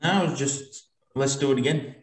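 A man's voice: mid-range voice, measured pace. Easygoing man in an echoey room. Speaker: podcast guest. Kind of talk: casual chat.

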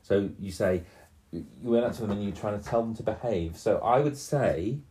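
In a gentle, slow, storytelling manner, a man in his fifties guides a small child through a tabletop game as game master. His voice sits on the low side, and he frequently pauses to ask her questions.

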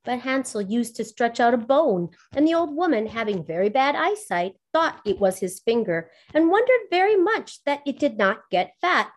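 A woman's voice: a little high, sing-song, normal speed, few pauses. Woman reading a fairy tale aloud. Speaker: storyteller.

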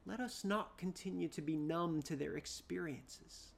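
A preacher giving a dramatic sermon, repeating phrases, rising loud then dropping to a hush. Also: mid-range voice, measured pace, vocal fry.

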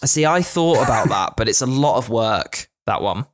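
A chatty man from England co-hosts a relaxed podcast, talking at an ordinary middle pitch. He rambles and jokes, trips over his words and fills gaps with ums and likes. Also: moderate pace. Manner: chatty, jokey, lots of fillers and restarts. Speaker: podcast co-host. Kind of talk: casual chat. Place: indoor podcast recording. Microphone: podcast microphone.

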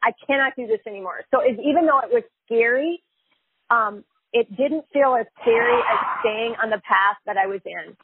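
A woman's voice: on the high side, moderate pace, background noise. A woman, a chiropractor and life coach, telling her story candidly and emphatically in an interview, with frequent fillers and repetitions. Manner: emphatic, repeats herself, many fillers. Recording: phone-line audio.

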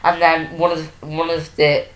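Woman, podcast host, deep-ish voice, rambly casual chat, roomy room sound. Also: flat delivery, moderate pace. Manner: rambling, self-interrupting storytelling with many fillers. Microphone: desk microphone.

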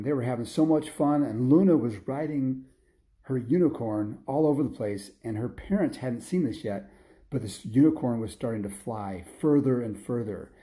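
A man's voice: mid-range voice, warm tone. A man telling an improvised children's story in a rambling way, with restarts and sound effects.

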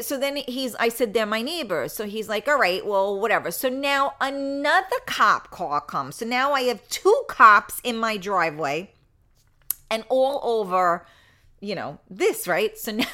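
A woman's voice: medium pitch, bright, forceful tone. A woman hosting a live talk show, telling a rambling story in a chatty manner, laughing often and talking to her audience. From New York. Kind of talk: casual live show chat.

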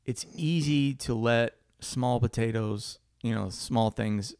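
A man's voice: mid-range voice, slow pace, darkish tone, clear, resonant tone, no room sound, clean studio sound. A young man co-hosting a podcast, chatting casually and rambling with lots of "like" and the odd swear word. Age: young adult. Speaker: podcast co-host.

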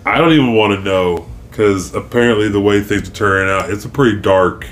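A man co-hosting a podcast in relaxed, jokey casual chat, telling stories. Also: fairly quick. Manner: laid-back, jokey, acts out quotes in high voices. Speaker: podcast co-host. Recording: faint background noise.

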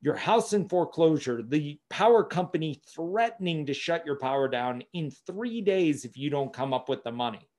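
Podcast host, mid-pitched voice, affirming, reflective, casual interview. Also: lively intonation, moderate pace, hardly any pauses, darkish tone.

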